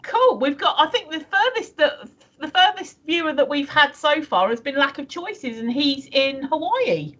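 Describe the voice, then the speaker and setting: A woman's voice: high voice, lively intonation, moderate pace, fairly bright tone, highs cut off. A woman from the UK co-hosting a live stream, chatting casually and rambling with many restarts. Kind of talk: casual chat reading viewer comments.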